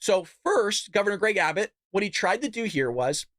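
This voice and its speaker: A man's voice: sits high, expressive, normal speed, fairly bright tone, no room sound, clean studio sound. A man hosting his own political commentary show, talking bluntly and animatedly, with laughing asides. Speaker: host.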